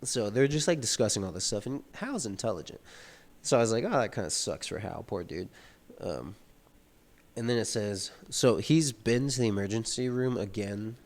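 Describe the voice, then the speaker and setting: Animated at a normal speed, a man with a fairly low, darkish voice reads a novel aloud and comments on it. After each passage he explains it in a loose, casual way, leaning heavily on "like" fillers.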